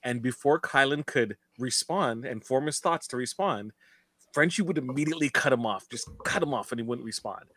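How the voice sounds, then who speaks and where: A man's voice: mid-range voice, moderate pace, pushed and bright, dry recording. Chatty man with a dry close sound. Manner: chatty, laughs often, many fillers. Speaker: podcast co-host. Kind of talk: casual chat about a reality show.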